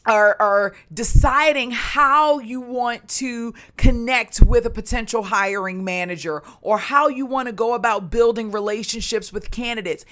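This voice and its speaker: A woman's voice: on the high side, unhurried, few pauses, fairly bright tone. A middle-aged woman from Maryland, a recruitment and staffing coach, giving a motivational business tutorial in an upbeat tone with fillers and restarts. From Maryland, USA.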